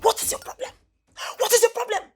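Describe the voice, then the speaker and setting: A loud scolding Nigerian mother. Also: high-pitched, big pitch swings, moderate pace, slightly rough, faint music behind, exaggerated voice. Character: stern scolding middle-aged Nigerian mother. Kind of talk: film drama acting.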